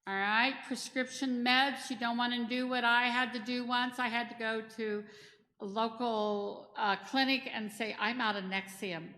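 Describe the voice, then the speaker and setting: A woman's voice: fairly high pitch, pushed and bright. A middle-aged woman giving a chatty, practical training talk in a church hall, mixing in personal stories. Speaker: disaster response trainer. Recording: echoey hall with long reverb.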